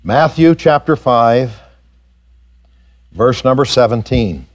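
Lively animated male preacher. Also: slow. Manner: animated, rising high when acting out skeptics. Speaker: pastor. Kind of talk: sermon. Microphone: pulpit mic recorded for tape.

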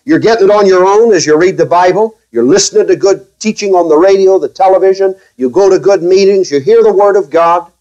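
A man preaching a sermon as pastor to his own congregation, speaking carefully, with restarts and wry, gently sarcastic asides. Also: high voice, fairly quick, few pauses, lo-fi sound.

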